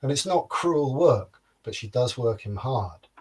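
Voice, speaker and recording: A man telling a folktale in a lively, rhythmic storytelling manner, with playful sound words. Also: mid-range voice, unhurried, slight background noise.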